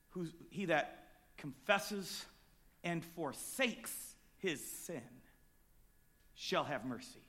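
A man preaching a sermon, moving between quiet, close talk and sudden loud, emphatic shouts. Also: sits high.

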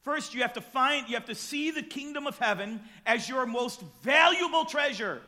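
A man preaching a sermon, moving between quiet, close talk and sudden loud, emphatic shouts. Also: very high voice, normal speed, few pauses.

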